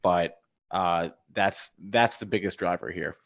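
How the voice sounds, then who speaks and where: A man co-hosting a live trading show, reading earnings numbers with halting, filler-laden delivery. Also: low-pitched. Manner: hesitant, many fillers, reads numbers. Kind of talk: live market talk. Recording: dull lo-fi sound.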